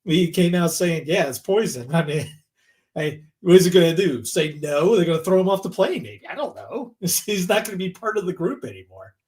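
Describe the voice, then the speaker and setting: A man's voice: high-pitched, animated, normal speed, darkish tone. A man co-hosting a podcast, rambling in casual chat, laughing and acting out quotes in little voices. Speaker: podcast co-host.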